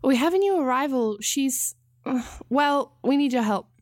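A woman reading aloud plays a caring, anxious partner who presses with gentle, earnest questions. The voice is pitched well above her narrating tone, close and dry in a spoken story. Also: expressive, moderate pace, no echo. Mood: concerned. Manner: concerned, earnest. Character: worried, affectionate woman, a teacher and partner.

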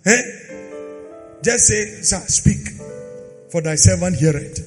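A pastor preaching a dramatic sermon, swinging from loud sung phrases to quiet asides. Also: male voice, sits high, animated, moderate pace. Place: church hall. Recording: long hall reverb with faint music.

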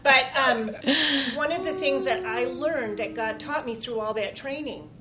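A woman's voice: on the high side, measured pace. A woman Bible study teacher speaking in a folksy, teacherly way in a faith conversation.

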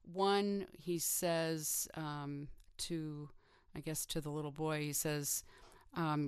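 A woman talking in a relaxed group chat, earnestly retelling favorite passages from a book. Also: sits low, takes it slowly, clear, resonant tone, no room sound, clean studio sound. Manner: earnest, reflective storyteller. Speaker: participant in a group call. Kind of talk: casual group chat about books.

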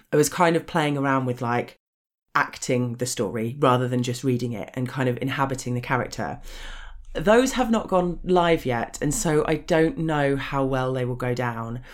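A woman with a posh English accent, chatting frankly as an interview guest, swearing freely and laughing often. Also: rumbling low. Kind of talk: casual interview chat.

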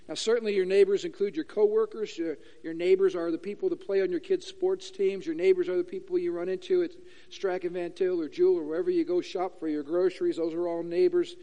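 A man's voice: high-pitched, fairly quick, long reverb tail. A man preaching a sermon to a church congregation, acting out questions in different voices. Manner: animated, acts out questions in voices. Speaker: pastor. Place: church sanctuary.

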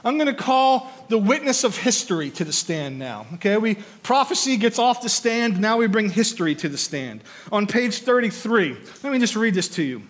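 A man preaching a sermon, teaching from a study book with animated storytelling and frequent rhetorical questions. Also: high-pitched, moderate pace, hardly any pauses. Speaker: pastor or teacher.

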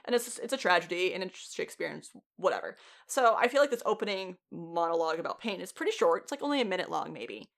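Brief: woman podcast co-host, slightly low voice, animated and profane in casual chat. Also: quick pace, vocal fry, hardly any pauses. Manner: animated, profane, laughs often. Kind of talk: casual chat recapping a TV show.

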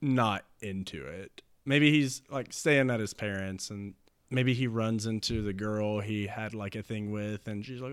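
A man chatting loosely as he spins out a story, laughing often and dropping into quick voices for each character. His voice is smooth and resonant, and the sound is dry and close. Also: on the low side, no echo. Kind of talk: casual chat pitching a movie plot.

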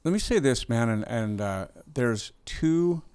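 A man's voice: mid-range voice, measured pace, clear, resonant tone. Chatty man hosting a faith conversation. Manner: conversational, animated, playful asides. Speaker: pastor and podcast host. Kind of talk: casual interview conversation.

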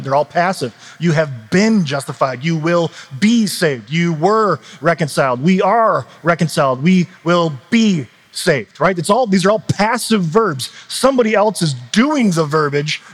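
A man in his thirties preaching in a church, telling stories in a loose, conversational way with laughs and asides. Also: fairly high pitch. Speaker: pastor. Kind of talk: sermon.

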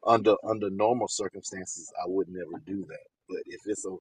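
A man co-hosting a podcast in casual chat, speaking in with loud, profane, animated banter. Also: sits low, fairly quick, slightly rough, low-quality recording. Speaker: podcast co-host.

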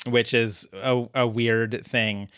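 Podcast guy going over the plot, bright smooth voice, lots of ums, dry humor. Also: medium pitch, slow pace, no echo. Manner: relaxed, many ums and uhs, dry humor. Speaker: podcast co-host. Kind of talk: casual episode recap.

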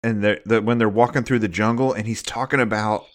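A man's voice: fairly low pitch, steady tone, fairly quick. A man co-hosting a podcast, talking in a rambling, hesitant way with frequent restarts. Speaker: podcast co-host. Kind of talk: casual chat.

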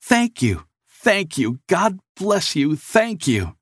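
A man's voice: on the low side, lively intonation, slow pace, creaky, dark tone, slightly rough, dry recording, studio quality, full character voice. A man voicing a poor, devout middle-aged father who talks in a choked, quavering voice as he holds back tears. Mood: frantic shouting.

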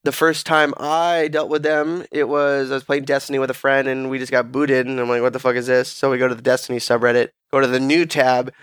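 A man's voice: medium pitch, fairly quick, hardly any pauses, clear, resonant tone, no room sound, clean studio sound. A man hosting a casual gaming podcast, telling crude, joking stories with lots of energy. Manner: crude, joking, animated storytelling. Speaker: podcast host.

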